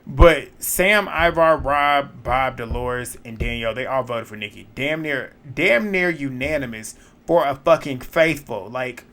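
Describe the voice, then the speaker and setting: A man recapping a reality show in casual commentary, blunt, opinionated and quick to swear. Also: medium pitch, a bit bright.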